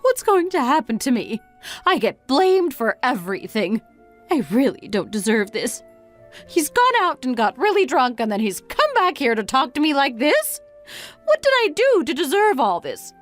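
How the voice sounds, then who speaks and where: An exasperated mother who berates her grown son with one reproachful question after another, voiced by a woman. The voice sits fairly high and swings widely in pitch. It is read as a texting-story voice-over with faint music underneath. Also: big pitch swings, moderate pace.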